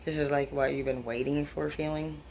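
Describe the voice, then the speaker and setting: Woman, tarot reader, casual and rambling, swears a lot, gravelly voice. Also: low voice, level tone, a little fast, background noise. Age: adult with children. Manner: rambling, profane, blunt. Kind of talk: casual tarot reading to viewers.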